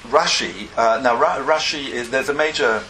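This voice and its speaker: Male lecturer, bright voice, discursive and self-correcting, faint background ambience. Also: mid-range voice, normal speed, slight background noise, rough recording. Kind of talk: academic lecture.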